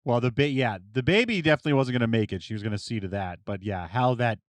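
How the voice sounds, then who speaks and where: A man co-hosting a casual podcast, arguing about the plot with dry, wry humor and quick interjections. His voice sits at a middle pitch. The recording is close and dry. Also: lively intonation, dry recording. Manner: wry, argumentative, jumps in with jokes. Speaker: podcast co-host. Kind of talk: casual chat and debate.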